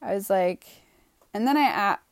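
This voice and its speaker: A woman's voice: mid-range voice, expressive, moderate pace, clear, resonant tone, no room sound, clean studio sound. A young woman telling a casual storytime, rambling and exasperated, full of "like" and "you know", now and then swearing for emphasis. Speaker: vlogger.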